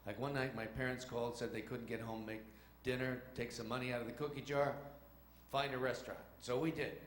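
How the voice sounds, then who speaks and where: A man's voice: medium pitch, fairly even intonation, fairly quick. A man telling comic stories on a theater stage, acting out voices and engine noises. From New York. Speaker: stage comedian. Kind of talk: stand-up storytelling. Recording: echoey theater with audience noise.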